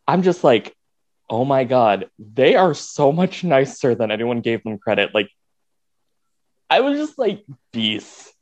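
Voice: medium pitch, sing-song, a little slow, a little mellow, lo-fi sound. A guest in a casual chat who rambles, packing the talk with "like" and acted-out quotes.

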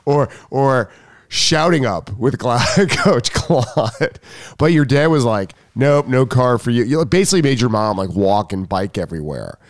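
A man's voice: medium pitch, expressive, a little slow, dry recording, clean studio sound. A man hosting a podcast, chatting in a rambling, joking way and often cutting himself off. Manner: rambling, joking, self-interrupting. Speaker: podcast host. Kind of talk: casual podcast chat.

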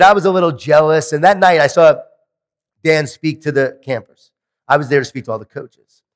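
A man giving a motivational keynote speech at a conference, telling animated stories with self-deprecating humor. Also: medium pitch. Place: large conference hall. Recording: long hall reverb.

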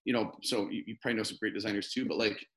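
A man's voice: on the low side, fairly even intonation, rapid-fire, fairly bright tone. A man talking as a podcast guest in casual interview chat, earnest and rambling, often restarting his sentences.

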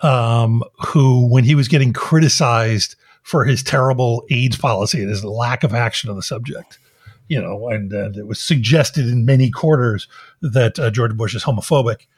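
A man's voice: mid-range voice, normal speed, slightly rough. A man co-hosting a podcast, ranting in a profane, exasperated way. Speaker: podcast co-host. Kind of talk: casual chat.

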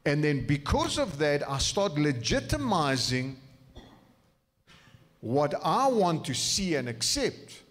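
Slow, lively-pitched preacher man. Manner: slow, emphatic, repeats key phrases. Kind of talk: teaching sermon. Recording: reverberant hall.

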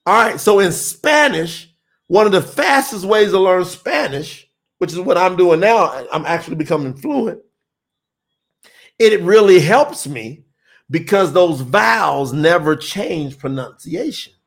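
High, lively man preaching on a livestream. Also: unhurried, vocal fry. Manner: emphatic, insistent, laughs often. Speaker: livestream host teaching on scripture. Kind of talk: livestream teaching, reading viewer comments.

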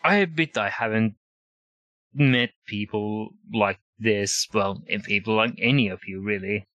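A man's voice: lowish voice, measured pace, sharp tone, dry recording, lo-fi sound. A man playing a tabletop role-playing game, asking another character a question in a hesitant, careful way.

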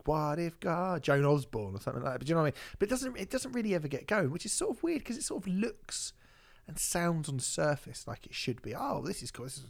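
A male podcast co-host talks through an album in loose, animated chat. His voice is a little high and has a gravelly edge. He throws jokey asides and the odd swear into his opinions. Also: fast. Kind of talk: casual music review chat.

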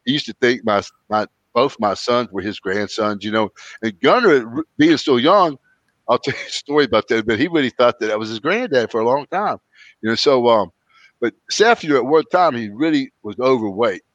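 A man's voice: brisk, no room sound. Rambling folksy man telling stories. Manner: folksy, rambling storyteller with lively quoted voices. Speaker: podcast host. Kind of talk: casual chat, storytelling. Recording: dry, dull low-fidelity audio.

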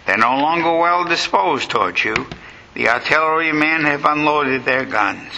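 A man voicing a cold, urgent male law officer who warns a king to flee, with a gravelly voice. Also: on the high side, expressive, normal speed, bright, forceful tone, a little hiss or hum, pitched above the performer's own voice, heavily acted, low-quality recording. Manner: urgent, coldly warning.

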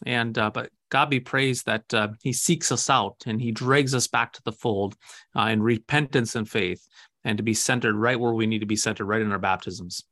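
A man's voice: lowish voice, fairly even intonation, normal speed, a bit bright. A man, a Lutheran pastor, talking about faith in a casual conversation, earnest and emphatic, often asking rhetorical questions.

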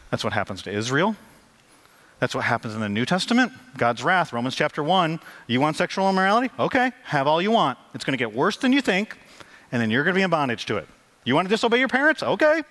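A man's voice: medium pitch, a bit bright. A male pastor preaching a conversational sermon, acting out quotes with lots of energy.

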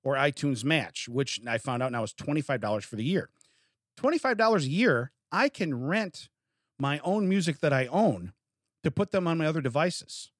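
A podcast co-host with a slightly high voice and big pitch swings speaks at normal speed in a dry, studio-quality recording. During casual chat he tells a long complaint story, acting out his phone calls.

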